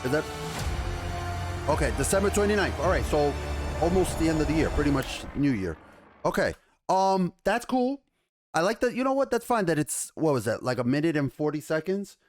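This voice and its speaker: A man hosting a casual trailer reaction, excitable and chatty, swearing freely. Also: on the high side, normal speed, faint music behind.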